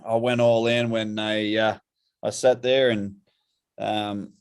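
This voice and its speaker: An Australian man in his forties chats on a podcast, relaxed and unhurried. His voice sits low. He tells his story in a plain, easygoing way. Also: clear, resonant tone. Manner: relaxed, laid-back, says "mate" and "yeah" a lot. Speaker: podcast co-host. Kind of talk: casual chat.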